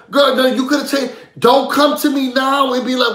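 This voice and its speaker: A man's voice: extremely high pitch, moderate pace, few pauses, a bit bright, roomy sound. A man hosting a live reality-show recap, ranting heatedly with lots of profanity. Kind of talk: live stream rant.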